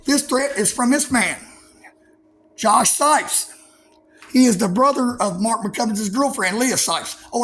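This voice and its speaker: A man with a drawl, talking high in his range, rants combatively to his viewers. His talk is profane and full of stammered fillers, with a faint hiss of noise behind him. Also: a bit bright. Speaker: vlogger. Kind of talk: angry profane monologue to camera.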